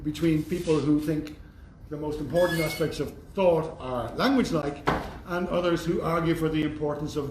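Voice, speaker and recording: Here a university lecture comes from a man whose voice runs high with a darkish color. He talks in a considered, conversational way, adding wry remarks, while the room echoes and a faint hiss sits underneath.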